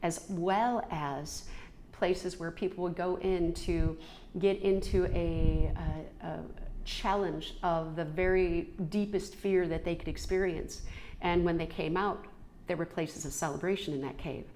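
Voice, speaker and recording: A middle-aged woman telling an earnest, reflective personal story, halting now and then with restarts. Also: fairly low pitch, steady tone, a little mellow, slight background noise. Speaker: storyteller sharing a personal experience.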